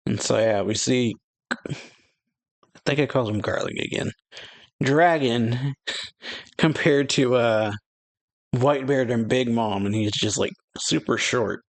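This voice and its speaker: A man's voice: mid-range voice, takes it slowly, pauses often. A man hosting a manga chapter reaction, talking casually with many fillers and laughing at his own slips.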